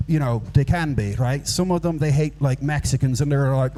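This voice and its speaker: A man's voice: mid-range voice, moderate pace, warm tone, a little hiss or hum. A man from Ireland with an Irish accent, doing a rambling, self-mocking stand-up set into a handheld microphone at a live venue. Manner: rambling, self-mocking, puts on silly voices for quoted people. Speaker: stand-up comedian. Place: live comedy venue with audience.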